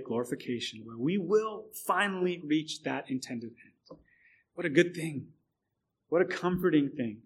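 Earnest man preaching a sermon. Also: fairly high pitch. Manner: earnest, builds intensity in repeated lists; halting restarts, repeats words.

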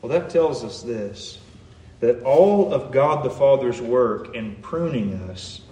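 A man's voice: medium pitch, animated, takes it slowly, mellow. A man preaching a sermon in an earnest way, his emphasis rising and falling. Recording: echoey room.

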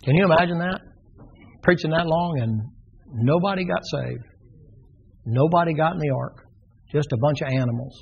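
A man's voice: on the high side, moderate pace, vocal fry, long pauses, slightly rough. A man preaching a sermon, telling the story with drama and acting out the characters' voices. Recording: dull lo-fi sermon recording.

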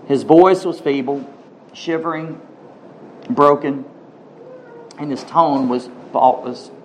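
A male pastor preaching a sermon, telling a story in a hushed voice and then building to emphatic questions and prayer. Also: medium pitch, slight background noise. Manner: emphatic, swings from hushed storytelling to rising exhortation.

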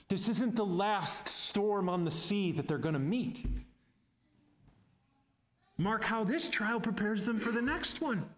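A male preacher delivers a sermon in an earnest, exhorting way and addresses the congregation as beloved. His voice is high and his pace is slow and deliberate. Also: a bit bright.

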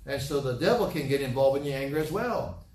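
A man's voice: mid-range voice, animated, fast talker, a little mellow. A middle-aged man preaching a sermon as pastor, telling homely stories with a folksy, repetitive manner. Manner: folksy storytelling, repeats himself. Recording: roomy, from a distant mic, faint ambience.

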